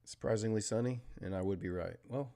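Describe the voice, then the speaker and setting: An American man hosting a live trading stream, chatting casually and talking through market moves, with fillers and trailing pauses. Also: lowish voice, creaky. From United States. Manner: steady technical market commentary. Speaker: trading livestream host.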